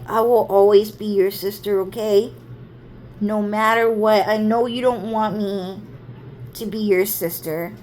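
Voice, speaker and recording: A woman's voice: medium pitch, a little mellow, slight background noise, lightly acted. A woman voicing her older sister, an emotional young woman who keeps saying "like". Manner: emotional, repeats "like" constantly. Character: woman's older sister, volatile, harsh then tearfully loving.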